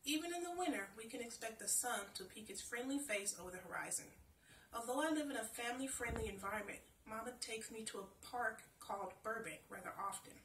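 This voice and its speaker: A woman storyteller, chatty and expressive, reading her own children's story aloud. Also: fairly high pitch, brisk, roomy sound, recorded from a distance, a little hiss or hum.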